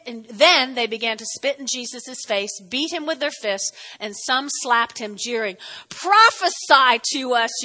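A woman pastor preaching with a high, bright voice that rings through a large hall with a long echo. She is playful and exclamatory, tossing in chatty asides. It sounds like a lively church sermon.

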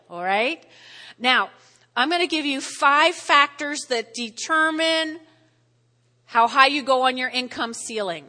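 A middle-aged woman pastor with a New Jersey accent preaching a sermon, energetic and checking in with the congregation. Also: high voice, big-room sound. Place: church sanctuary.

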